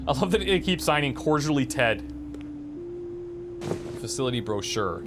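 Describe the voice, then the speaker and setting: A man casually commenting on gameplay, animated and amused, with frequent chuckling asides. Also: medium pitch, quick pace, over music. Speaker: let's play host.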